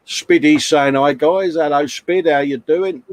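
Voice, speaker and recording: Jokey live stream host. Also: male voice, fairly high pitch, a little slow, no room sound. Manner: chatty, jokey, reads viewer comments aloud. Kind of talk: casual banter.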